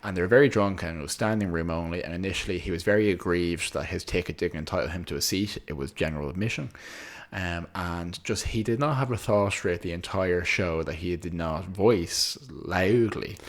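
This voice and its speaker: A man's voice: sits low, a little fast. A man co-hosting a podcast, telling a long anecdote in casual chat with lots of restarts. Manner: rambling, with frequent restarts. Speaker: podcast co-host.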